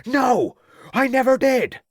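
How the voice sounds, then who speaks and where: A man voicing a surly, aggressive farmer in an audiobook, defiant, with rough rural grammar. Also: medium pitch, lively intonation, a little fast, fairly bright tone, no room sound, clean studio sound. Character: surly, aggressive male country farmer under questioning. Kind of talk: audiobook character voice.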